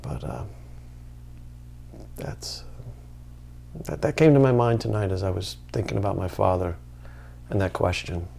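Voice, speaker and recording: A man telling a personal story in a hesitant, quiet, reflective way. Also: sits low, lively intonation, unhurried, vocal fry, pauses often.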